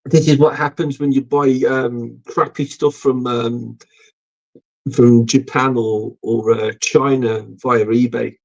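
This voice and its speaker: A man's voice: mid-range voice, fairly even intonation, slow, gravelly. A middle-aged man hosting a casual live stream, rambling and swearing with lots of ums. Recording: dull lo-fi stream audio.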